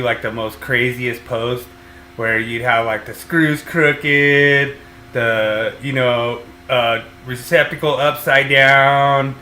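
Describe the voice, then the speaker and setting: A man's voice: mid-range voice, pushed and bright, a little hiss or hum. A man hosting a podcast as an electrician, talking casually and rambling with lots of fillers and restarts. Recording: roomy echo.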